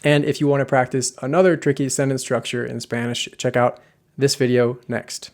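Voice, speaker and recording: Speaking at medium pitch in a level tone, a man teaches language, explaining grammar in clear, sequential steps. He takes example sentences more slowly.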